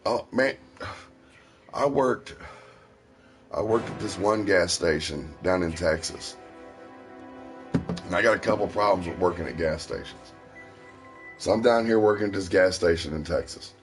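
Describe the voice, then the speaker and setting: A man's voice: deep voice, a little slow, pauses often, faint music behind. A man from Ohio telling rambling personal stories in a casual, profane way. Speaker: stream host. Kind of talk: casual storytelling.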